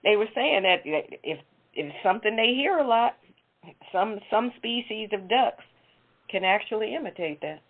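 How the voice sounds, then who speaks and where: A woman's voice: mid-range voice, animated, normal speed. A woman co-hosting a casual talk show, telling an odd news story in a chatty, amused way. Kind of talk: casual chat, reading weird news. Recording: tinny phone-like line.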